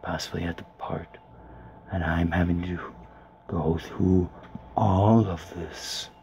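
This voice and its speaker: A man whispering gameplay commentary from a small closet, grumbling and swearing in a hushed voice. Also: low-pitched, fairly even intonation, takes it slowly. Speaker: let's player. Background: faint background noise.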